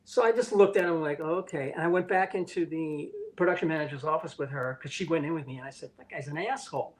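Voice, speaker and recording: The audio is poor, and the man speaks fast with a fairly high pitch. An older animation director, he recounts candid stories in an interview, blunt and profane, voicing the dialogue of the people he quotes.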